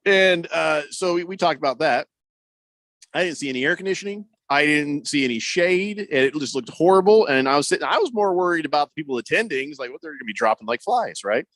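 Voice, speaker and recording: This is a man co-hosting sports radio, reading listener comments and riffing on them with lots of fillers and restarts. His voice sits a little high for a man. The sound is close and dry, straight into a studio mic. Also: lively intonation, quick pace, fairly bright tone, no room sound. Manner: loose and joking, many fillers and restarts.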